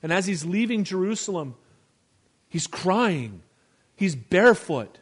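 A man delivers a sermon as a pastor, his voice sitting a little high for a man. He drops to near-quiet on tender lines and rises with force on pointed ones. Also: very animated, a little slow, husky. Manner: preaching with swings between hushed and emphatic delivery.

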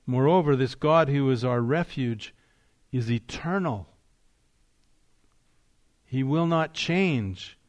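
Male pastor, mid-pitched, preaching with emphatic rises and deliberate slowdowns. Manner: emphatic preaching, rising on key phrases, slowing for weight. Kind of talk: sermon.

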